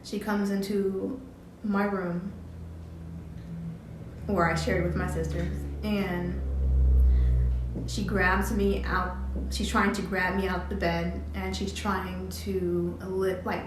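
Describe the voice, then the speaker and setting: A woman tells a personal story to camera, stopping and restarting with filler words. Her voice sits at a middle pitch and rings around a very echoey room, with a faint hum behind it. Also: steady tone. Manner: halting, many restarts and "like" fillers. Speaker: vlogger. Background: cat drinking from water fountain.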